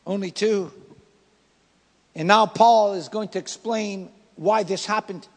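A male pastor preaching a sermon, swinging from loud emphatic lines to quiet soft ones. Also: sits high, slow, long reverb tail. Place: church.

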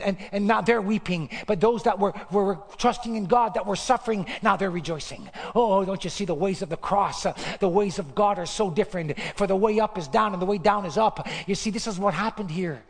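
A man preaching an impassioned sermon, swinging between loud bursts and hushed lines, often stammering and repeating words. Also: high-pitched. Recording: long hall reverb.

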